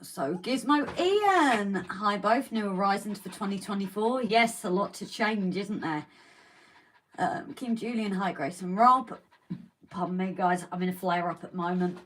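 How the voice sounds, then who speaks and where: A woman's voice: mid-range voice, unhurried, poor audio. A woman co-hosting a casual live stream, reading out viewer comments and greeting them as darling and lovely.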